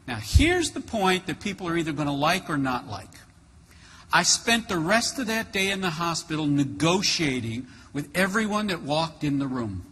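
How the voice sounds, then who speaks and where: Animated male keynote speaker in a hall. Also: on the high side, moderate pace, a little hiss or hum. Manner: animated, acts out dialogue with many voices. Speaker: motivational speaker. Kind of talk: keynote storytelling. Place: large conference hall. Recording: reverberant hall with faint ambience.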